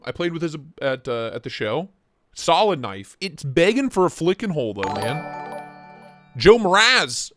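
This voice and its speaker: Young male host, jokey and excitable, slightly high voice, dry home-office sound. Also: no echo. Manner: excitable, joking, reacts to chat. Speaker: livestream host reviewing knives. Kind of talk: casual live-stream chat.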